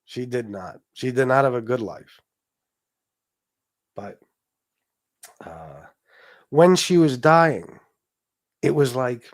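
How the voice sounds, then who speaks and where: A man talks on his own live-stream show at a middle pitch. His delivery is casual and emotional. He rambles, restarts sentences, adds asides and swears now and then. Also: expressive, takes it slowly, long pauses. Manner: profane. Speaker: political talk show host.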